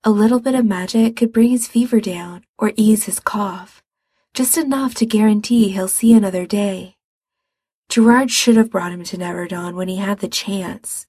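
A woman reading fiction aloud in a calm, measured way. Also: medium pitch, slightly rough, no room sound, clean studio sound. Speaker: reader.

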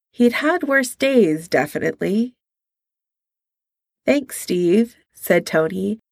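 A woman narrating a story aloud in a measured, quiet way, voicing the dialogue as she reads. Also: medium pitch, no room sound, studio quality. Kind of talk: audiobook reading of fan fiction.

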